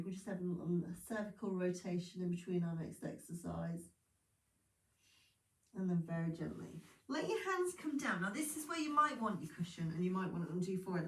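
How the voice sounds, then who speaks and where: In an echoey room, a woman's mid-range voice drifts in from away from the mic as she instructs a pilates class. She's calm, encouraging and given to chatty asides, but she sounds drowsy and keeps yawning.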